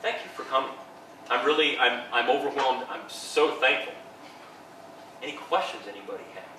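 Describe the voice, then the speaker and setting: A man giving an informal, enthusiastic lecture to students as a professor, upbeat and quick to laugh. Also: medium pitch. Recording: echoey hall, distant mic, background noise.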